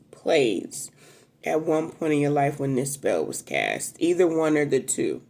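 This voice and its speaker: A woman's voice: low-pitched, creaky, dark tone, husky. A woman giving a casual, emotional tarot reading straight to her viewers, chatting freely and swearing now and then. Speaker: tarot reader.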